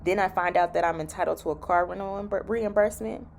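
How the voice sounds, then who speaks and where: A nurse telling a story in a fired-up vlog rant. Her woman's voice sits low and has a gravelly fry. She stresses her points by saying them twice. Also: quick pace, slight background noise. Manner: emphatic, repeats key lines for effect. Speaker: travel nurse.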